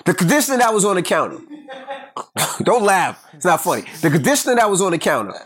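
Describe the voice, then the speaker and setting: A man co-hosting a podcast, telling a home story in an animated, profane way. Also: high voice, brisk. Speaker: podcast co-host. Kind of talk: casual storytelling chat.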